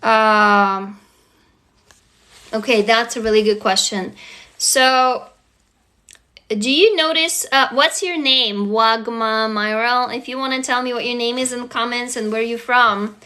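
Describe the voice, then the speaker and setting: Bright, chatty woman from Russia. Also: on the high side, measured pace. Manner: chatty, frank, swears, answers viewer comments. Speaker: livestream host. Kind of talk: casual livestream chat.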